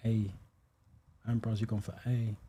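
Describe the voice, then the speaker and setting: A man's voice: lowish voice, level tone, measured pace, mellow, slightly rough. A British man hosting a live driving theory stream, chatting casually as he reads viewer comments and explains answers. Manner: chatty, thinks aloud, many ums, thanks viewers.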